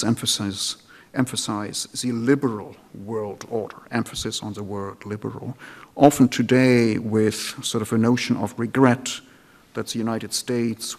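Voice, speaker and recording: A man delivering a formal public lecture, measured and deliberate, sometimes restarting a phrase. He speaks in a lecture hall. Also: mid-range voice, a little mellow.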